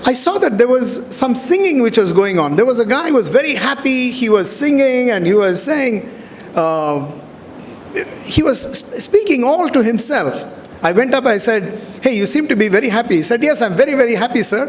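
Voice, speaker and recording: A man's voice: very high-pitched, normal speed. A middle-aged man, telling stories in a convocation speech and acting out the dialogue. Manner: animated storyteller, acts out dialogue. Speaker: convocation speaker. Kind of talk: storytelling speech. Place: large hall. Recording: hall reverb, faint background noise.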